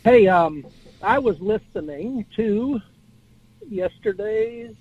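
A man's voice: high-pitched, expressive, takes it slowly. A man calling in to a radio talk show, casually rambling and spelling out words as he muses. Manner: rambling, musing storyteller who spells out words. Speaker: caller. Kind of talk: casual call-in chat. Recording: tinny phone line with faint hiss.

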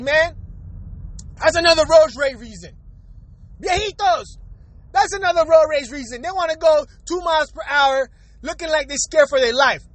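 Stuck in city traffic, a young man vlogs from inside his car, complaining profanely and repeating his points. His voice sits very high and comes across a bit bright, over faint traffic sounds.

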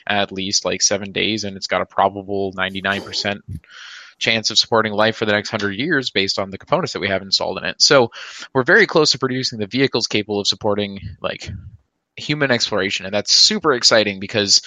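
A man's voice: fairly low pitch, fast talker, bright, forceful tone, no room sound, low-quality recording. A man co-hosting a live podcast, explaining ideas at length with lots of filler words. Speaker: podcast co-host. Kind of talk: casual live podcast chat.

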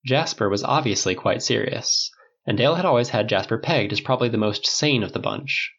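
A man's voice: mid-range voice, expressive, fairly quick, a bit bright, slightly rough, muffled recording. A man reading a novel aloud as narrator, voicing the dialogue of several characters without much change to his own voice. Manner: reads dialogue for several characters in a mostly unchanged voice. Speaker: audiobook narrator.

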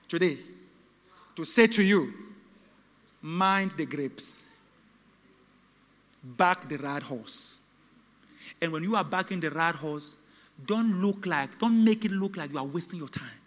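A male pastor, preaching a sermon that swings between shouted peaks and hushed, low passages. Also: big-room sound.

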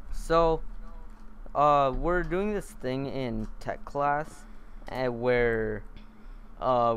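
A man's voice: medium pitch, fairly bright tone, clear, resonant tone. A teenage boy hosting a podcast, telling a long story in a casual, rambling way with lots of fillers and restarts. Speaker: podcast host.

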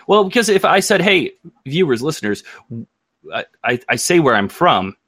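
A man's voice: a little high, very animated, fairly bright tone, no room sound. Chatty American man, dry close sound. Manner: rambling, self-interrupting, quick to joke. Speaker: podcast co-host. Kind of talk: casual chat.

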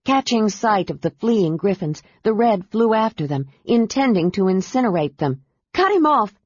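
A woman reading a fantasy novel aloud as audiobook narrator, with a measured, steady delivery. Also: medium pitch, slightly rough. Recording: dull dry audiobook recording.

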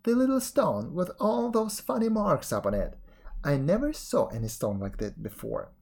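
A man's voice: fairly high pitch, big pitch swings, normal speed, gravelly, darkish tone, breathy edge, pitched above the performer's own voice, full character voice. A man voicing a young, spoiled princess in a fairy tale reading, coaxing and eager. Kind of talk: storybook reading.

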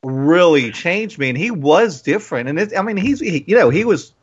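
A man hosting a podcast in casual chat, loose and animated, acting out quotes as he goes. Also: fairly high pitch, normal speed, husky. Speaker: podcast host. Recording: slightly muffled lo-fi recording.

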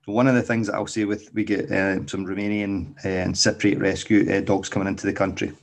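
A man's voice: fairly low pitch, flat delivery, a little fast, vocal fry. A man hosting a podcast as a dog trainer, explaining casually and tagging nearly every point with "okay?", with frequent restarts.

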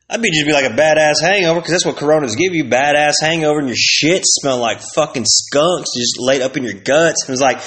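A man's voice: on the high side, brisk, a bit bright. A man ranting profanely in a rambling comedic monologue with street slang and sudden outbursts. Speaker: host.

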